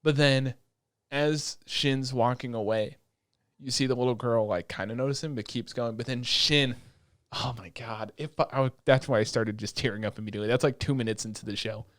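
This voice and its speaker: A man co-hosting a casual anime podcast, excitable and profane, retelling scenes with animated energy. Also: mid-range voice, brisk, dry recording, studio quality. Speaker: podcast co-host.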